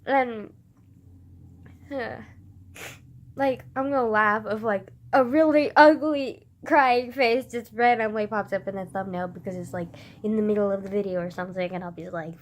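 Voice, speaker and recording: A woman's voice: fairly high pitch, animated, measured pace, pauses often. A young woman vlogging into her phone camera, tearful after crying, laughing through it and swearing casually. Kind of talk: emotional confessional vlog.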